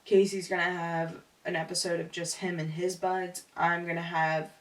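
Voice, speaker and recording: A woman's voice: on the low side, level tone, moderate pace. A young woman co-hosting a podcast in casual chat, candid and slangy, laughing often. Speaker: podcast co-host. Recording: echoey room, far from mic.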